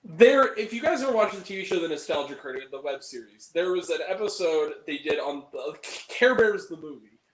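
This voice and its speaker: A man's voice: fairly high pitch, expressive, fairly quick, few pauses, echoey room, rough recording. A man hosting a movie review, ranting animatedly and swearing freely in casual chat.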